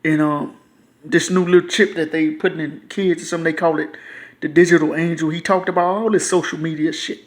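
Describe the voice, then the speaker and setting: A frustrated man, ranting to camera in a loose, profane, repetitive way. His voice sits a bit high for a man, and he keeps circling back to the same points. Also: steady tone, fairly quick. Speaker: YouTuber. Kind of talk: casual ranting monologue.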